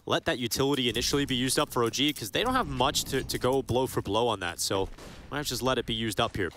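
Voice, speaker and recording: Male esports play-by-play caster, middle pitch, excitable calls, light background hiss. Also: fast. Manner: climbs into excited high-pitched calls on big plays. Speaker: esports commentator. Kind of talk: play-by-play commentary.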